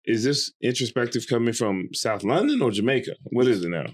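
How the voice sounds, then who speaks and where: A man's voice: medium pitch, lively intonation, a little fast, no room sound, clean studio sound. A man co-hosting a podcast, laid-back and chiming in with short replies in casual conversation.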